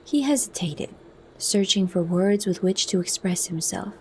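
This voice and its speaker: A woman reading a novel aloud as an ASMR audiobook, in a soft, measured manner. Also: fairly low pitch, a little hiss or hum. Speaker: reader.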